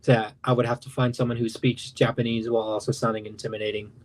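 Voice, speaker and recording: A man's voice: mid-range voice, little pitch movement, fast talker, slight background noise. A young man in his late teens, an animation creator, rambling casually on a livestream. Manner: rambling, loose, self-interrupting.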